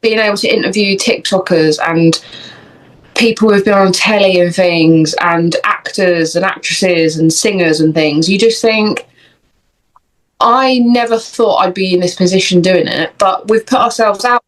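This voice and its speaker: A woman's voice: medium pitch, unhurried, low-quality recording. A young woman co-hosting a podcast, chatting casually in jokey, run-on bursts. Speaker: podcast co-host. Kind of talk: casual chat.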